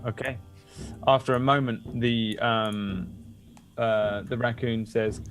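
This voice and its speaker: A man running a tabletop game as game master, describing the scene in a loose, casual way with plenty of ums and uhs. His voice is mid-pitched with a gravelly, fry-laden texture. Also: little pitch movement, slow pace. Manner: casual, filler-heavy narration.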